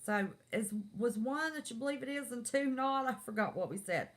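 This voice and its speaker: A woman's voice: a little high, animated, moderate pace. A middle-aged woman, chatting folksily with viewers on her live stream. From West Virginia. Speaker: livestream host. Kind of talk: casual live-stream chat.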